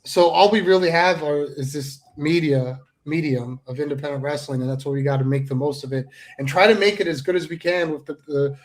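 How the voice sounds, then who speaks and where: Angry man ranting with curses, fairly high voice. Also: fairly even intonation, a little fast, hardly any pauses. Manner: angry, profane, repetitive, with mocking voices. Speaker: pro wrestler and guest. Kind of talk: heated promo-style rant.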